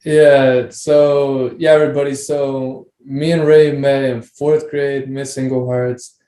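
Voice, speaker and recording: A man hosts a loose, casual podcast, rambling through his thoughts and tossing in swear words. His voice is mellow and dark in tone. It rings a bit in an echoey room. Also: medium pitch, level tone, slow pace. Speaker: podcast host.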